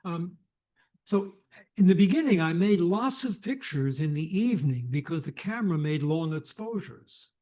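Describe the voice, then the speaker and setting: An older man, a photographer, telling anecdotes on a lecture stage in a reflective, animated way with restarts. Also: a little high, normal speed. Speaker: photographer guest. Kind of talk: conversational storytelling.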